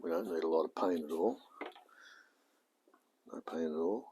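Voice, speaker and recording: A man's voice: a bass voice, normal speed, mellow, a little hiss or hum. An Australian man with a joking manner, chatting casually and muttering to himself as he streams his hobby car repair. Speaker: hobby mechanic and live streamer. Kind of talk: casual live-stream chat while working.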